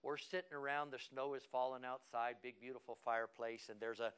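A man preaching a sermon in a church service. He tells the story with dramatic repetition and builds up to shouting. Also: medium pitch, fairly even intonation, fairly quick, clear, resonant tone. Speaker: pastor.

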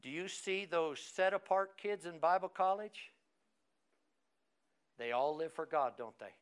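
A man with a high voice preaches to his class. He asks the room questions and calls on people by name as he teaches. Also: measured pace, clear, resonant tone. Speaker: pastor. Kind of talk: sermon teaching.

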